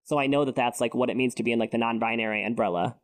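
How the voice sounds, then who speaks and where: A non-binary podcast co-host chatting casually, rambling through stories with lots of "like" and quick asides. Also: medium pitch. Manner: rambling storyteller, heavy use of "like". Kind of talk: casual chat. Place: podcast recording.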